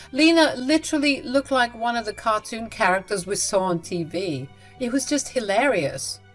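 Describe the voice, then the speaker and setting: A woman's voice: mid-range voice, fairly bright tone. A woman telling a family drama story in a gossipy, mocking tone. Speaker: narrator. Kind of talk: storytelling narration.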